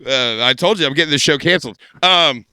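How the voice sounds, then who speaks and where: A stand-up comedian telling a crude story in a podcast studio, with a brash, animated delivery. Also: male voice, fairly high pitch, brisk, clear, resonant tone.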